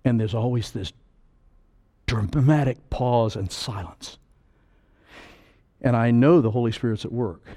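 A middle-aged man preaching a sermon, emphatic, swinging between loud declarations and quiet, slowed-down asides. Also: medium pitch.

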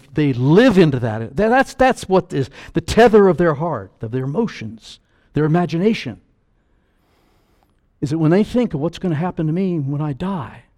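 A middle-aged man preaching with force, his slightly raised voice pushing key phrases hard. He drops suddenly into soft, drawn-out asides before climbing back to full volume. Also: a little high. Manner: emphatic, swinging from loud pronouncements to quiet, slow asides. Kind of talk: sermon.

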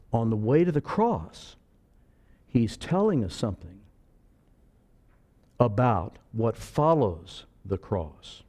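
Preaching with energy, a man voices different characters and swings between loud and quiet delivery. His pitch sits in the medium range.

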